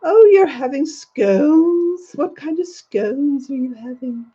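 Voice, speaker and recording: Greeting viewers in live chat, an older woman hosting a livestream plays a gushing, gracious elderly queen with a put-on upper-class English accent, calling everyone darling. She speaks slowly in a high-pitched, expressive, warm voice over lo-fi sound and faint background music.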